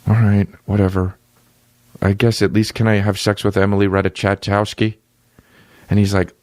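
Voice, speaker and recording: A man in his forties, a comedian hosting his podcast, riffing crude jokes in an animated way and jumping into high silly voices. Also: normal speed, pauses often, no echo. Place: podcast studio. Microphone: studio microphone.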